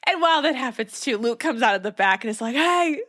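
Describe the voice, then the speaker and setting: Podcast co-host, woman, animated recap voice with a wide pitch range, playing out the lines she quotes. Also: quick pace. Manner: animated, acts out characters' lines with laughs. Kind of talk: casual chat recapping a TV episode.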